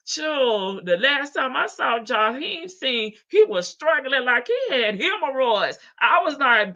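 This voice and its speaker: A Southern-accented livestream host gossips casually and folksily, laughing and calling viewers "child" and "baby." Her high voice swings widely in pitch, moving slowly with few pauses, bright and forceful. The stream audio is dull, lo-fi, and dry with no echo.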